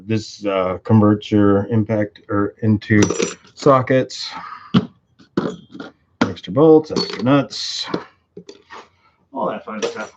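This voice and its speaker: A man's voice: on the low side, a little mellow. A man giving a casual, rambling workshop demonstration of his tools, joking and cursing as he works. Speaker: tool and engine video maker. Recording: muffled audio with clear clicking.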